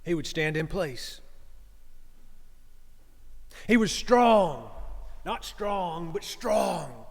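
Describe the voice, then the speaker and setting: High-voiced priest preaching in a reverberant church. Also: male voice, very animated, very slow, gravelly, slightly rough. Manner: conversational, asks the congregation "huh?". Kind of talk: storytelling sermon. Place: church sanctuary.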